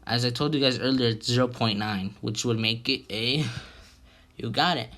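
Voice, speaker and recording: A young man giving a casual, halting chemistry explainer as a student presenter, with fillers and restarts. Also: mid-range voice, a bit bright.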